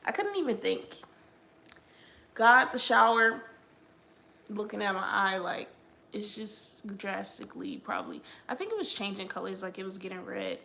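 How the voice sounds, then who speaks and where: A woman's voice: mid-range voice, expressive, normal speed, creaky, bright, forceful tone, a little hiss or hum. A young adult woman hosting a livestream, telling a personal faith story in a chatty way, full of "like". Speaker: livestream host. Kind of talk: casual personal testimony vlog.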